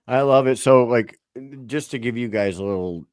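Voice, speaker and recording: A man hosting a podcast, talking in an excited, loose way with lots of fillers. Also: mid-range voice, moderate pace, smooth, no room sound, clean studio sound. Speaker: podcast host. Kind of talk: casual chat.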